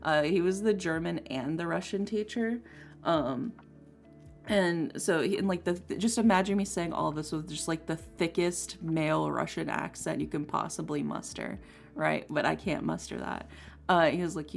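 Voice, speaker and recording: With soft lo-fi music playing, this streaming artist draws and talks casually, her story wandering with plenty of "um" and "like." She has a deep, gravelly voice and a moderate pace.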